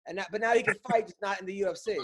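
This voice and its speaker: A man's voice: sits high, fairly even intonation, rapid-fire. A man hosting a casual podcast, prodding his guests with joking questions. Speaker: podcast host.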